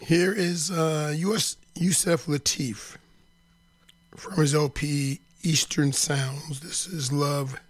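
Radio jazz host, man, husky morning voice, slow and easygoing, dry close studio sound. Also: a little high, dry recording. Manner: relaxed, unhurried, with frequent fillers. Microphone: studio microphone.

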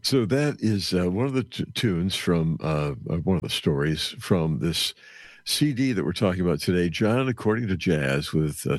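A man's voice: sits low, no room sound. A male radio host introducing a recording and asking questions, hesitating with frequent fillers. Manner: hesitant, lots of uh. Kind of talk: casual interview.

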